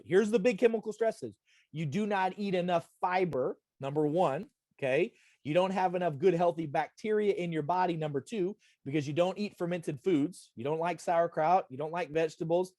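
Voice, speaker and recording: Here the same kind of video-call health talk comes from a middle-aged man whose voice sits high with a darkish tone, at a moderate pace. Direct, emphatic, and repetitive, he keeps asking "okay?" Studio-quality audio, free of echo.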